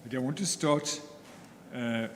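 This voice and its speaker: Measured male advocate. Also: medium pitch. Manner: measured, deliberate, formal, with frequent pauses. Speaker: counsel for the applicants. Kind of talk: formal legal argument in court. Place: courtroom. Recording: echoey courtroom with faint ambient noise.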